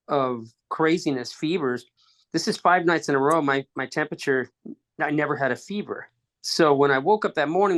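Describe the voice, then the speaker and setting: A man with a slightly high voice shares a personal story on a podcast, guest-speaking in stop-start phrases with restarts. He acts out the quoted dialogue.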